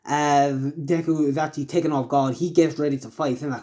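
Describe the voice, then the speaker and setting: A man improvising a fan-fiction story out loud, rambling with many fillers and self-corrections. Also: on the high side, steady tone, brisk, hardly any pauses.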